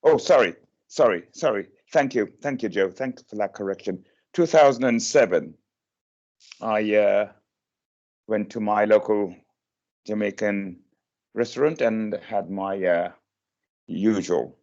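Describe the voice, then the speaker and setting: A man telling his own story to an online meeting, hesitant and emotional, with many pauses and fillers. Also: lowish voice, muffled recording. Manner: slow and hesitant, many uhs, emotional and animated when quoting. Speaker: guest speaker sharing his experience.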